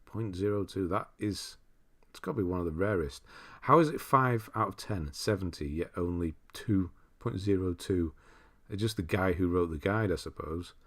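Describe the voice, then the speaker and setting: Male streamer host, deep voice, mild northern English accent, relaxed rambling chat. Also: normal speed, few pauses. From northern England. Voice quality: relaxed, rambling, chuckles often. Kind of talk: casual livestream chat reading viewer comments aloud.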